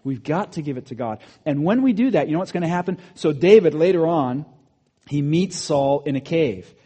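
A man preaching a sermon, animated, rising to emphatic peaks and dropping to quiet asides. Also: fairly high pitch, moderate pace, slightly rough. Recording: long hall reverb.

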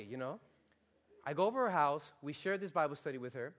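Young male preacher, high-pitched, animated sermon delivery with hushed storytelling. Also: quick pace. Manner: animated, shifts from loud exhortation to hushed storytelling.

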